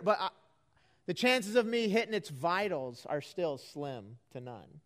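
A man's voice: high-pitched, big pitch swings, unhurried, fairly bright tone. A man preaching a folksy, conversational sermon to a live congregation in an auditorium, building to earnest emphasis.

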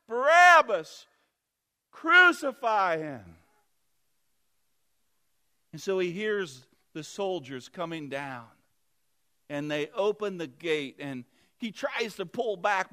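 A man's voice: sits high, a bit bright. A man preaching a sermon, retelling a Bible story earnestly and vividly with restarts.

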